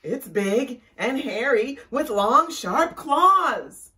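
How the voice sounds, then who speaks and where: A woman voicing a panicky wolf, loud and frantic. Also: high voice, animated, drawn-out words, recorded from a distance, voice pushed up, heavily acted. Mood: panicked. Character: panicky wolf fleeing danger.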